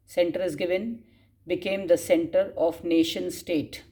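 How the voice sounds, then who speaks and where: A woman's voice: fairly low pitch, fairly even intonation, measured pace, mellow. A woman teacher dictating class notes, spelling words out and repeating phrases, with frequent coughs. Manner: frequent coughs and throat clearing.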